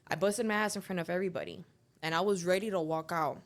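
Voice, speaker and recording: A woman's voice: fairly low pitch, brisk. A young woman, telling stories as a guest in a casual interview and acting out the voices of people she quotes. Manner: animated storyteller, acts out quoted dialogue. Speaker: guest, professional alligator wrestler. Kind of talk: casual storytelling in a podcast interview.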